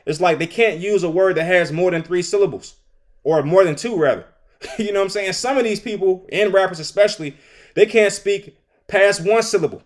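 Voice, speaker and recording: A middle-aged man hosting a podcast, delivering an animated, opinionated solo commentary and laughing between his points. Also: on the high side, fairly quick. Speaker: podcast host.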